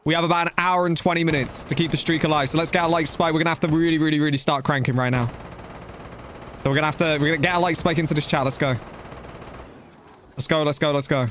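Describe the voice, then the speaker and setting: A young man talks his way through a live game stream, his voice sitting a little high. He chats loosely and casually with his viewers, using easy slang as he plays. A faint ambient hum sits behind him. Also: fairly even intonation, fast, fairly bright tone. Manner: chatty and loose, talking to chat while playing, slangy with "bro" and "dude".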